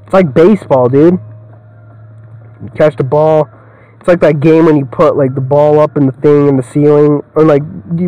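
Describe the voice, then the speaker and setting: Young dude rambling over a game, kinda high voice, swears and laughs a lot, dead dry close mic. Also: male voice, fairly even intonation, moderate pace, mellow, no room sound, lo-fi sound. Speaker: gamer. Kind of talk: casual let's-play commentary.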